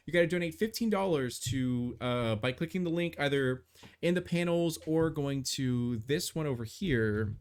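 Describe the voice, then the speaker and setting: Rambling man running a tabletop game. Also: a little high. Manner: rambling, many fillers and restarts. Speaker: game master. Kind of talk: narrating a tabletop game on a live stream.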